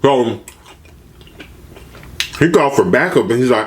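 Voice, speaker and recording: A man's voice: mid-range voice, measured pace. A man retelling a story casually for a food vlog, acting out the people he quotes. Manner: animated, acts out quotes with shifting voices. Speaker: mukbang vlogger.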